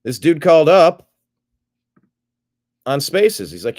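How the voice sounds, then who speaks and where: A man's voice: a little high, sing-song, takes it slowly, darkish tone. A middle-aged man hosting a show, casually rambling as he retells a phone call and acts out both sides of it. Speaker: show host. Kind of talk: casual livestream monologue.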